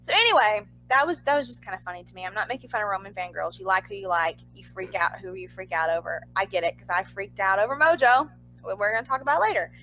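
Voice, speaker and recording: A young woman co-hosting a podcast, telling a story in casual chat with animated, exasperated asides. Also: medium pitch, fast, slight background noise, rough recording. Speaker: podcast co-host.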